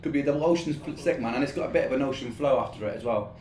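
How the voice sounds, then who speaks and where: A man hosts a live stream in a loose, rambling chat, swearing and laughing as he goes and sweating from the heat. His voice sits at an ordinary pitch and rings around an echoey room. A faint hum of ambience sits underneath. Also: quick pace, a little mellow. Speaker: musician hosting a live stream. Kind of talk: casual chat. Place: indoor room, streaming setup.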